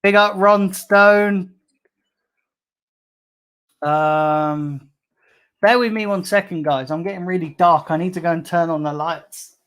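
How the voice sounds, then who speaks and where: A man's voice: sits high, slow, pauses often, fairly bright tone, clean tone. A man on a live stream, reading chat comments and ranting angrily with heavy swearing as a football fan.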